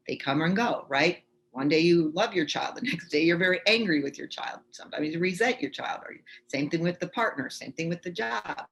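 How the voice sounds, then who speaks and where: Chatty woman teaching on a video call. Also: fairly low pitch. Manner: chatty, reassuring, demonstrating as she talks. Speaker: tapping instructor. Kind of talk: live online workshop teaching.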